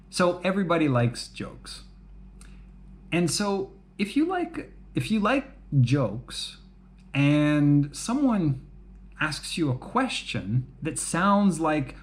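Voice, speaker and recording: A man explaining things to English learners at a slow, easy pace. His voice sits a bit high for a man. He keeps it relaxed and chatty, checking in with "right?" and laughing at his own jokes. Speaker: English teacher.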